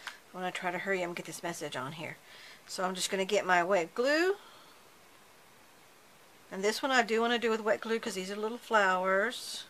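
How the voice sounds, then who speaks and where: A chatty woman talks through a card-making project, breaking off and restarting as her hands stay busy. Her voice is bright and forward. A faint hum of room noise sits behind her. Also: mid-range voice, brisk, long pauses, low-quality recording. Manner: chatty, self-correcting while working with her hands. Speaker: card-making tutorial host. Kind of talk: casual craft tutorial narration.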